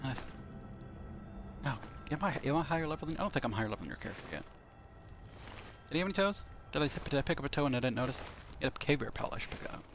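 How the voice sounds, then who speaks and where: A man with a gravelly voice talks over his game in a loose, meandering way. He thinks out loud and fills the gaps with ums and likes, and there is a faint hiss behind him. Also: medium pitch, lively intonation, fast, pauses often. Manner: rambling, thinking aloud with many fillers. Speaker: streamer. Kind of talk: casual commentary while playing. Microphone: console headset.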